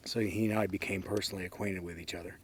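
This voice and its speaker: An older man telling anecdotes in a relaxed, wry way, with frequent ums and uhs. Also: low voice, fast, slight background noise. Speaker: interviewee. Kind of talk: casual anecdotal storytelling.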